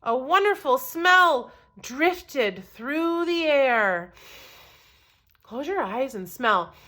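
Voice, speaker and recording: Her pitch sits high as she, a teacher, reads a story aloud to children and breaks off to ask questions, sounding expressive and full of encouragement.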